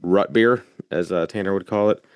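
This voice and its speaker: A man's voice: deep voice, normal speed, a little mellow, dry recording. A man hosting a podcast over a video call, introducing a guest in a laid-back, casual way. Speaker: podcast host. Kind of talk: casual chat.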